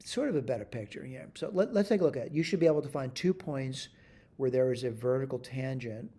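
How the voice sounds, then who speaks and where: A man with a mellow, dark voice walks through a math problem on screen. He thinks aloud and corrects himself as he goes, checking in with "all right?", with a middling pitch. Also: animated, fast. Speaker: math instructor. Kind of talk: screen-recorded math tutorial.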